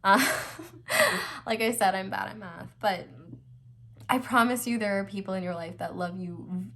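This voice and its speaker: A woman's voice: medium pitch, animated, a little slow, gravelly, fairly bright tone. A young woman giving a casual, reassuring tarot reading, talking earnestly with many fillers, her nose stuffed up and close to tears. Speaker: tarot reader.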